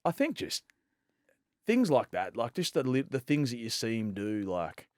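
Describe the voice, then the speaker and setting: Australian guy in his late thirties, mid-pitched, rambling anecdotes, close dry sound. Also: moderate pace, no room sound. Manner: rambling, full of fillers and restarts, animated when telling stories. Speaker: guest, professional fast bowler. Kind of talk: casual storytelling chat.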